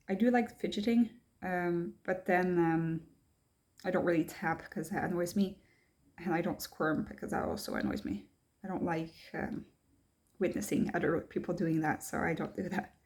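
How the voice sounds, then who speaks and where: Soft-toned woman musing with many ums. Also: lowish voice, fairly even intonation, moderate pace, creaky. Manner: thoughtful, hesitant, many ums and restarts; reads checklist items aloud, then answers them. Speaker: vlogger. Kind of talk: casual talk to camera.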